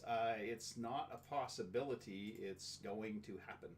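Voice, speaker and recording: Guy on a couples podcast riffing and acting out convos, slight hiss behind. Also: on the low side. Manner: jokey, acts out quick back-and-forth dialogues. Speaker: podcast co-host. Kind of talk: casual chat.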